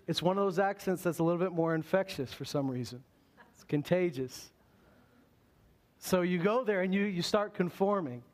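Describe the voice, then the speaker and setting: Male pastor, high voice, conversational preaching that turns slow and deliberate on scripture. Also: lively intonation. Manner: earnest preaching, slows down on scripture quotes, conversational asides. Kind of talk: sermon.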